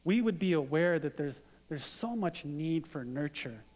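Middle-aged guy preaching, kinda high voice, chatty storytelling, long hall echo. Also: expressive, a little slow, darkish tone. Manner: conversational preaching with personal stories. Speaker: pastor. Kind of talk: sermon.

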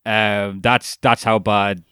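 A man's voice: on the low side, little pitch movement, slow, sharp tone, clean tone, no room sound, studio quality. A young man, co-hosting a podcast in casual chat, rambling, laughing and swearing. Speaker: podcast co-host.

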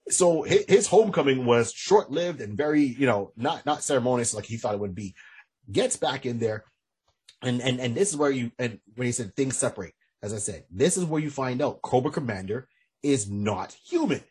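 A man's voice: medium pitch, expressive, normal speed, a little mellow, husky. A man co-hosting a podcast, chatting casually in a rambling way with lots of restarts. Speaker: podcast co-host. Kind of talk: casual chat.

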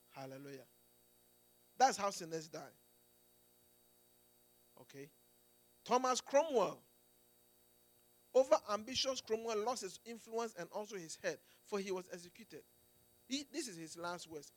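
Emphatic high-voiced preacher. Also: male voice, lively intonation, measured pace, long pauses, fairly bright tone, no room sound. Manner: emphatic, with frequent restarts and "Amen"s and "Do you get it?". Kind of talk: sermon.

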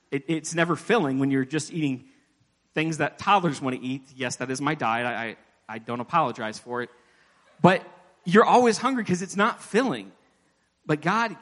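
A man preaches in a church with a slightly high voice, and long reverb trails each phrase around the big hall. He talks to the congregation in a casual way, jokes about himself, and acts out the prayers he quotes. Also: a bit bright. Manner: conversational preaching with self-deprecating asides, acting out quoted prayers. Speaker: pastor. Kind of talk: sermon.

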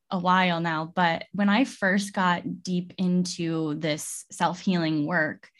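Young adult woman, conversational guest sharing a story, loose and rambling with frequent restarts. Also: mid-range voice. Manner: rambling, filler-heavy storytelling with many restarts. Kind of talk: casual heartfelt conversation.

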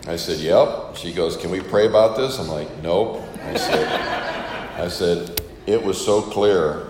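A man's voice: deep voice, echoey room, in a large hall, noisy background. An older man who is a missionary, casually telling a story to an audience and acting out the dialogue. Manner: casual, chatty, acts out quoted dialogue.

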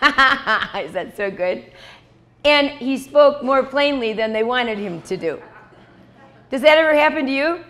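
Woman preaching, slightly high voice. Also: animated, unhurried, a bit bright. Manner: conversational, repeats key lines, frequent "okay?" and "right?" asides; acts out short dialogues in quoted voices. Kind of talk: sermon.

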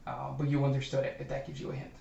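A man's voice: mid-range voice, completely flat delivery, gravelly, mellow, highs cut off. A man narrating as game master in a casual tabletop session, hesitant and full of fillers. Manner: halting, filler-heavy narration with playful NPC voices. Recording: echoey room, mic from far off.

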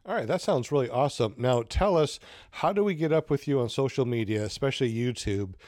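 Male host, mid-pitched, folksy and keen. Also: lively intonation, fairly quick, darkish tone, dry recording, clean studio sound. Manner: folksy, enthusiastic, asks plain questions. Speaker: host, interviewer. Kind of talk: casual interview.

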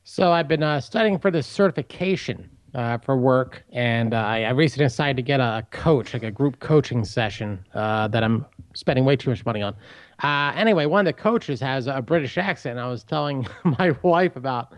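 A man co-hosting a comedy podcast in casual chat, rambling with many filler pauses. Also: medium pitch, animated, dry recording. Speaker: podcast co-host.

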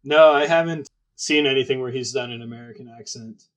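A man's voice: medium pitch, fairly quick. Give me an easygoing man co-hosting a film podcast, casual and laughing along. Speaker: podcast co-host.

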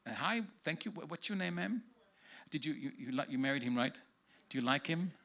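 A man preaching in a church, speaking prophetic words over people in the congregation one at a time. His voice is bright and forward, and he moves easily between joking and earnest blessing. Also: fairly high pitch, expressive, a little fast. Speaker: guest preacher.

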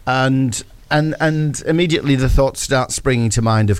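A man's voice: mid-range voice, moderate pace, clear, resonant tone, dry recording. A man, recapping a football match on a breakfast radio show, telling it as a story and acting out his own thoughts.

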